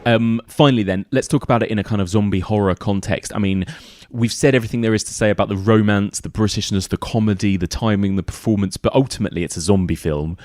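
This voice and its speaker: A man's voice: lowish voice, fast, a little mellow, dry recording, studio quality. A man hosting a podcast, chatting casually about films and listing examples, with plenty of fillers. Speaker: podcast host. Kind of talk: casual film discussion.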